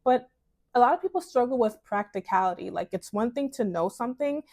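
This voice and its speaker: A young woman from New York giving casual advice in a vlog, chatty and expressive, often laughing. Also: on the high side, a little fast. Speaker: lifestyle vlogger.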